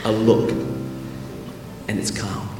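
A man preaching a lively, humorous sermon, joking with the crowd and building to loud call-and-response. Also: fairly low pitch, takes it slowly. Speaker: pastor. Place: large church hall. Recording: echoey hall with keyboard music.

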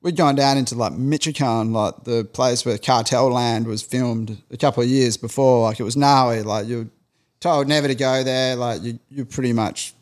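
A man's voice: mid-range voice, fairly even intonation, moderate pace. A man telling a long story in casual chat, rambling and peppering his talk with fillers. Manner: rambling, heavy use of filler "like".

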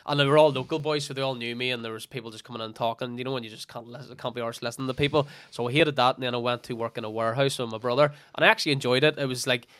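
A man's voice: medium pitch, steady tone, rapid-fire, few pauses, fairly bright tone, dry recording. A young man with a Northern Irish accent, a guest chatting bluntly and with plenty of swearing. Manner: blunt, sweary, laughs easily. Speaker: podcast guest, football coach. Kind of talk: casual podcast chat.

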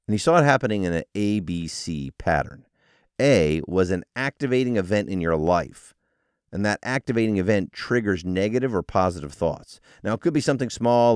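A low-pitched man talking with a very lively, up-and-down delivery, like a coach explaining an idea to listeners. The sound is dry and close, with no room around it. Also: no echo. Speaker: podcast host. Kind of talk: solo motivational talk.

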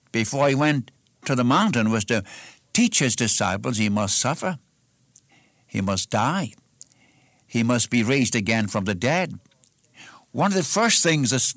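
A man's voice: medium pitch, fairly bright tone, no echo, clean studio sound. A man preaching a sermon, earnest and emphatic, addressing the listener directly as his friend.

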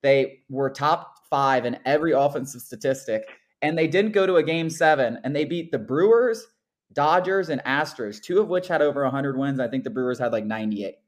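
A young man on a casual sports podcast who rants in animated bursts, peppering his talk with "like" and "dude." His voice sits at an ordinary middle pitch for a man. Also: a little fast. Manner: animated ranting, frequent "like" and "dude". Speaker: podcast co-host.

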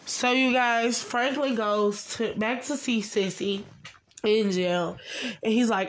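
A woman's voice: fairly high pitch, slow. A young adult woman giving a casual, chatty TV recap, talking straight to her viewers in a gossipy way. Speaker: vlogger.

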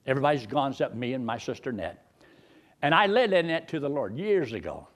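A man's voice: medium pitch, very animated, quick pace. A male pastor, preaching a sermon in a folksy, joking storyteller's way.

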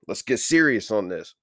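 A man's voice: on the low side, vocal fry, fairly bright tone, no echo, studio quality. A man hosting a casual comedy podcast, loose and slangy, laughing so hard he is in tears as he talks. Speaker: podcast host.

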